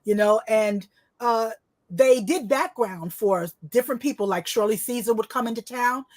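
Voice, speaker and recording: A middle-aged woman from New Jersey, a guest telling personal stories in a sing-song, animated way and acting out voices. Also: fairly high pitch, moderate pace, no room sound. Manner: lively, acts out voices in her stories. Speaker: guest, author and illustrator. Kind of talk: personal storytelling in conversation.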